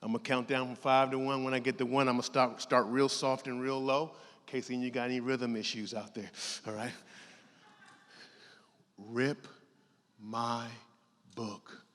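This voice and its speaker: A man's voice: mid-range voice, flat delivery, quick pace, few pauses, a bit bright. A man giving a motivational keynote, rallying the audience and leading them in call-and-response. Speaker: keynote speaker. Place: large conference hall. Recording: hall reverb, audience noise.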